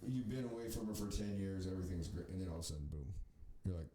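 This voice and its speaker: Male podcast host, deeper voice, crude and rambling storyteller, echoey studio. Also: fast talker, mellow, slight background noise. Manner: rambling, profane, mocking storyteller who acts out quoted voices. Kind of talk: profane comedic podcast riffing.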